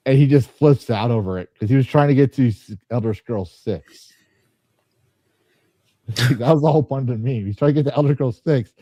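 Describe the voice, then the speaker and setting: A man's voice: mid-range voice, fairly quick, dark tone, dry recording. A man hosting a podcast in casual chat, rambling and joking, often stopping to restart his sentences. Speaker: podcast host. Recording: slightly dull, dry sound.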